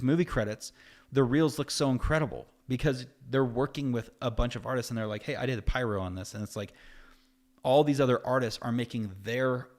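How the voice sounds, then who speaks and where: A man hosting a live stream, talking casually in an animated, rambling way, his voice jumping up whenever he quotes someone. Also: medium pitch. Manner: animated and rambling, voice jumps up when quoting others. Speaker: host of a live effects-art stream. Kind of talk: casual livestream talk.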